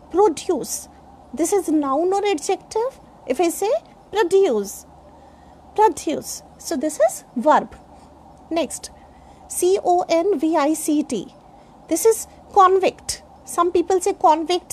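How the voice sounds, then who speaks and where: High-pitched woman teacher, talks real slow, spells out words, lots of uh and you know. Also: darkish tone. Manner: slow, explains step by step, spells words letter by letter; frequent fillers like uh and you know. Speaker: English speaking teacher. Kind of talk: classroom lecture on pronunciation.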